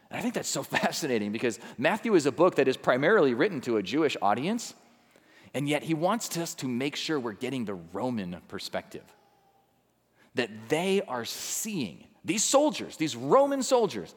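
A man preaching a sermon as a pastor, swinging from hushed, slow phrases to loud, emphatic ones. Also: fairly high pitch, in a large hall.

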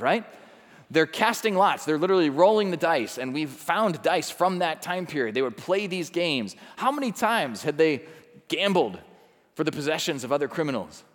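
A man preaching a sermon as a pastor, swinging from hushed, slow phrases to loud, emphatic ones. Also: fairly high pitch, in a large hall.

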